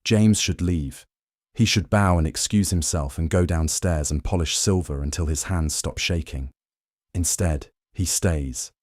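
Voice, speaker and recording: A man narrating a history story for sleep in a calm, slow, soothing scripted style. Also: low-pitched, no room sound, clean studio sound.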